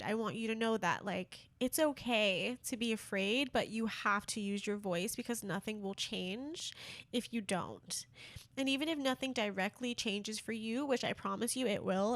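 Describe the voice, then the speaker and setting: An earnest young woman hosts her podcast, opening up in a heartfelt personal monologue sprinkled with casual fillers. Her voice sits at an ordinary middle pitch for a woman. It comes across dry and close, with no room sound around it. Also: no echo. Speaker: podcast host.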